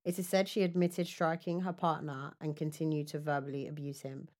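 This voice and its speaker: A woman's voice: low voice, flat delivery, fairly quick, darkish tone. A woman co-hosting a casual chat, reading out news stories with laughter and asides. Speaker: podcast co-host.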